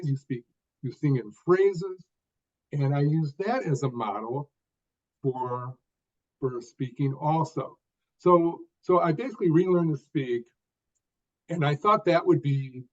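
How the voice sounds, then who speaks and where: An older man, a podcast guest, telling his story in short deliberate phrases, stressing key words, with some repeated words. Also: medium pitch, a little mellow, lo-fi sound. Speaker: guest author.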